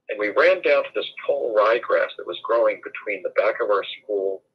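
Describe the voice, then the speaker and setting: Brief: man in his 60s, interview guest, husky, rather low voice, digressive storyteller, over a dull lo-fi line. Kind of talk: long-form interview storytelling.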